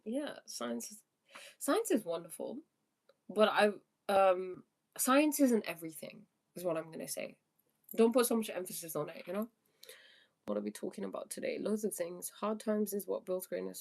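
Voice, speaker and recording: A woman's voice: mid-range voice, gravelly. A young woman coaching on a live stream, answering viewer questions one by one. She speaks earnestly about spiritual ideas and laughs easily. She reads each question aloud before she answers. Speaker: life coach.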